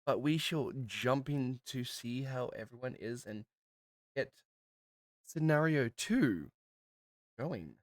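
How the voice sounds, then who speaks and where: A man hosting a tabletop game stream, chatty and upbeat, his voice worn and quieter after a festival. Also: medium pitch, expressive, slow pace, pauses often, dry recording, studio quality. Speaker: streamer and host. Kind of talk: casual stream chat.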